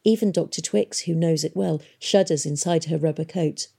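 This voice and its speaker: A woman narrating an audiobook in a steady, expressive storytelling manner. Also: deep voice, normal speed, gravelly, breathy edge.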